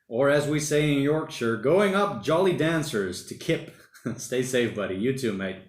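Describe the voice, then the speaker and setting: A man's voice: mid-range voice, measured pace, echoey room. A man hosting a casual livestream from home, reading viewer comments and rambling easily, often saying mate and bloody. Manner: rambling, relaxed, says mate and bloody a lot. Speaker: livestream host. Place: home during lockdown.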